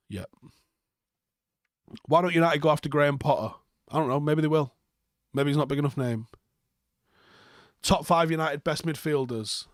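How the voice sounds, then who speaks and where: A man's voice: fairly high pitch, moderate pace, long pauses, dry recording, studio quality. A young man, hosting a live football reaction stream, reading viewer comments and answering them bluntly with plenty of swearing and sarcasm.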